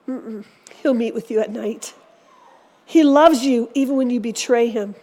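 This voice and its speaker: High-voiced woman preaching earnestly. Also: moderate pace, mellow. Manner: earnest, exhorting. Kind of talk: sermon. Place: church.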